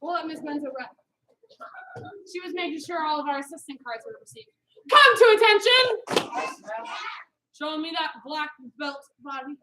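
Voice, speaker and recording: A woman karate instructor leading a children's class in an indoor studio, upbeat, calling students by name and shouting commands. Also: high-pitched, steady tone, a little fast, roomy sound, background noise.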